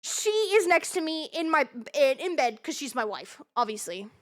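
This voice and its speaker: Young woman streamer, very high voice, rambling, excitable and swearing casually. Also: moderate pace. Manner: rambling, excitable, swears freely, repeats herself. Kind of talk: casual live-stream chat.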